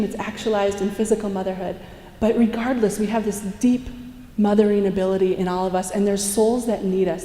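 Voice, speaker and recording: A young woman speaks to a conference crowd, her voice mellow and soft-edged. She tells lively stories, acts out the quotes and laughs often. The sound rings through a large echoey hall. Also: medium pitch. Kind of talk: inspirational talk to a live audience. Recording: echoey hall, heard from a distance.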